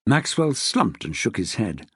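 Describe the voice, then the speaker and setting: A man narrating an audiobook in an expressive way, shifting his pitch for the characters. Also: measured pace, husky, dry recording, studio quality. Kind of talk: scripted narration.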